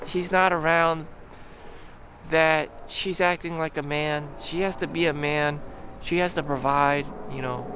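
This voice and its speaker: A man's voice: sits high, background noise. A young man, talking in a rambling, profane vlog monologue full of fillers and restarts. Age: young adult. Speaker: vlogger. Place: outdoors in a town.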